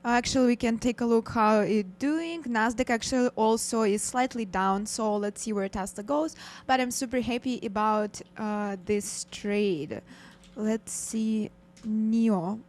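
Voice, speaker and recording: A woman's voice: on the high side, steady tone, a little slow, a little mellow. Upbeat female trading co-host. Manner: upbeat, reads viewer messages. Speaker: co-host trader. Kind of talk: live trading show chat.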